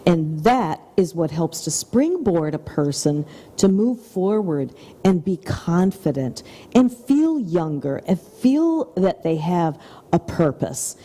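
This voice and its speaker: A middle-aged woman co-hosting a TV talk show speaks in an effusive, upbeat, motivational style, slipping in soft whispered asides. Her low, sing-song voice moves slowly and echoes with a big-room sound.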